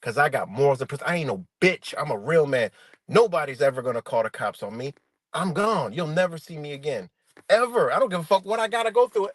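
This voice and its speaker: Swearing man ranting to viewers, lively pitch. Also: fairly quick, dry recording. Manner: animated, swearing, addresses viewers as y'all. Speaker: livestreamer. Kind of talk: profane livestream rant.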